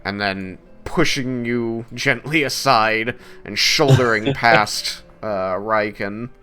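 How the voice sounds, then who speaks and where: A man with a low, bright voice narrates a tabletop game as game master, taking his time over each scene. Soft music plays underneath. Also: clean tone. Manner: unhurried descriptive narration.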